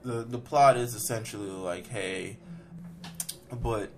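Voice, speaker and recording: A man's voice: lowish voice, slow pace, music in the background. A young man on a podcast rambling through a film recap with lots of fillers and profanity. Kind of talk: casual chat, recapping a film.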